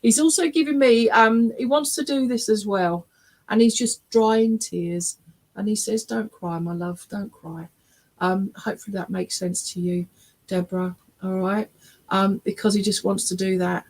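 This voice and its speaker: A woman's voice: mid-range voice, steady tone, moderate pace, rough recording. A woman working as a spiritualist medium, giving a reading in an online church service, chatty and often checking in with listeners. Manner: chatty and warm, often checking in with "all right?" and "okay?"; laughs often while talking.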